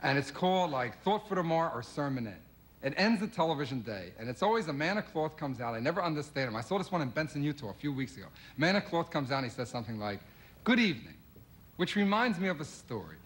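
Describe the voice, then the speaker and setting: A man from Philadelphia doing a stand-up routine as a guest comedian, firing off quick observational jokes and quoted voices. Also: on the high side, very animated. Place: television studio with audience.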